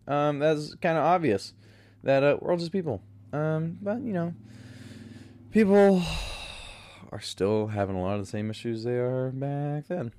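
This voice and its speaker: A man's voice: fairly high pitch, lively intonation, normal speed, darkish tone, dry recording. A man from Florida hosting a solo podcast, laid back, rambling and crude in his chat. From Pensacola, Florida. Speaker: podcast host.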